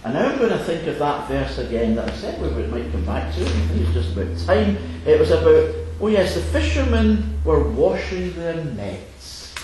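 A man's voice: fairly high pitch, sing-song, moderate pace, few pauses. A man preaching a sermon in an assembly hall, earnest with chuckling asides. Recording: echoey hall, faint noise.

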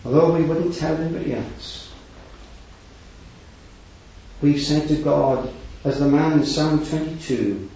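A man preaching a heartfelt sermon, swinging between loud raised passages and hushed low ones, with scripture quoted in old wording. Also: moderate pace. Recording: echoey hall, distant mic, dull lo-fi sound.

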